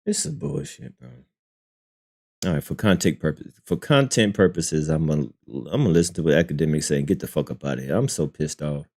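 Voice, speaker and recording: Male streamer, exasperated and profane, very lively pitch, keeps circling back on the same words. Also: brisk, creaky. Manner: profane, exasperated, repeats himself, swings from shouting to muttering. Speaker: streamer reacting to a song. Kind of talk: live-stream reaction.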